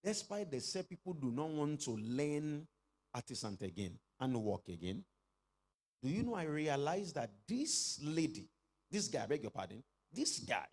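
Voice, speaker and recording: A middle-aged man preaching a sermon as pastor, leading the congregation in call-and-response and rising to shouted exclamations. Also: a little high, big pitch swings, a little slow.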